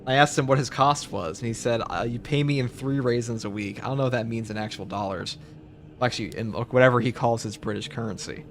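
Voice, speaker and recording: A man's voice: medium pitch, quick pace. A man talks loosely over his gameplay, wandering from joke to joke with plenty of filler. A faint background hum sits under his voice. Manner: rambling, jokey, chatty with filler words. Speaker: streamer. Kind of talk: casual live-stream chat over gameplay.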